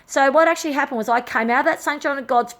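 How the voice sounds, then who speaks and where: A woman's voice: sits high, fast, a bit bright. A middle-aged woman recounting a painful personal experience, agitated and raw, swearing often and repeating herself. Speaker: vlogger. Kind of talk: emotional personal story.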